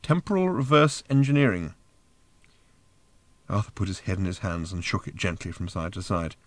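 A man's voice: sits low, little pitch movement, quick pace. A man reading an audiobook aloud in a dry, understated narration.

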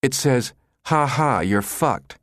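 A man reading the part of a huge, gruff male systems chief who snaps and growls sarcastically. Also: mid-range voice, lively intonation, slow pace, fairly bright tone, dry recording, clean studio sound, voice pushed up. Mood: gruff exasperated.

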